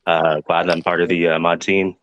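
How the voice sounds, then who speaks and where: Very deep flat-voiced jokester man. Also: a little fast, no echo, muffled recording. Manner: jokey, upbeat, many fillers. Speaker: moderator. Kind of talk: casual chat.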